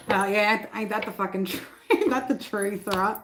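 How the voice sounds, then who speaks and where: A woman chats loosely on a live stream from her home, swearing as she goes and stopping often to yell at her squabbling cats. The pitch sits in a middle range. A steady hiss of background noise runs under her voice. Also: moderate pace. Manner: loose and chatty, swears freely, breaks off to scold her cats. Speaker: tarot reader hosting a live stream. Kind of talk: casual live-stream chat.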